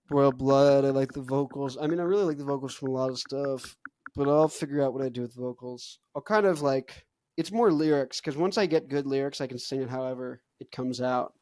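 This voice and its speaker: A man's voice: mid-range voice, a little mellow, no echo. A young man hosting a show, chatting casually about singing technique in a rambling way full of fillers, with a stuffed-up nose. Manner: rambling, loose, many "like" fillers. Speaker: host.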